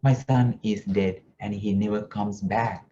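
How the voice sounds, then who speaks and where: A man voicing a grieving father who speaks quietly and plaintively. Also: fairly low pitch, steady tone, measured pace, highs cut off, a little hiss or hum, close to an everyday voice. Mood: humbled.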